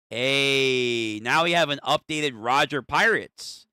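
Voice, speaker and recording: A man's voice: mid-range voice, slow pace, hardly any pauses, bright, forceful tone, clean tone, no echo, studio quality. A young man reacting live to a manga chapter, talking in a casual, profane way. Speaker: streamer.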